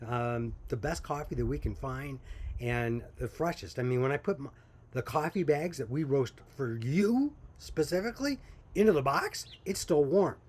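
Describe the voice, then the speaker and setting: Small-business owner, male, middle-pitched, folksy and chatty, casual story told to camera. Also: lively intonation, normal speed, husky. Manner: folksy, chatty, laughs while telling stories. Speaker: coffee company owner.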